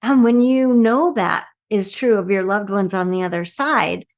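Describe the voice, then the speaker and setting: Woman, medium, earnest, reflective interview talk, medium pitch. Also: measured pace, gravelly. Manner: earnest, often ends with "right?". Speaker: medium and speaker.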